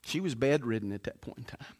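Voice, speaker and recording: A man's voice: mid-range voice, animated, quick pace, darkish tone. A middle-aged man, a pastor preaching a sermon, telling a story with many restarts and then pressing his point with emphasis.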